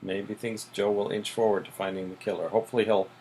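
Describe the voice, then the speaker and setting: A man's voice: lowish voice, fast talker, a little hiss or hum, poor audio. A man co-hosting a podcast, casually recapping TV episodes and filling in with "mm-hmm". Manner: relaxed, plot-summarizing, frequent "mm-hmm" and "so". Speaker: podcast co-host.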